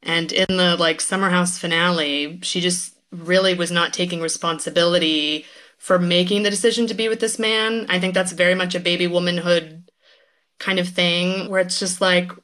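A woman's voice: on the low side, level tone, moderate pace, fairly bright tone. A woman guest writer on a podcast, speaking in a thoughtful, analytical way with casual fillers.

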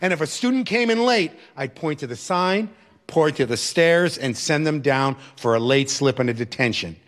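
A man's voice: a little high, lively intonation, normal speed. A middle-aged man and educator telling a personal story in an emphatic, reflective way.

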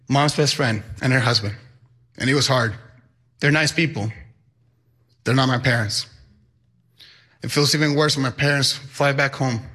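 Bright-voiced young man. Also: medium pitch. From Mexico. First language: Spanish. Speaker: high school Spanish teacher. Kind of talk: personal storytelling.

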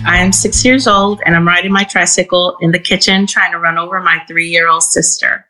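Woman storyteller, lower pitch, crisp bright tone; earnest, measured first-person telling. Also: fairly even intonation, soft background music, rough recording. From Houston, Texas. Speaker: storyteller and guest.

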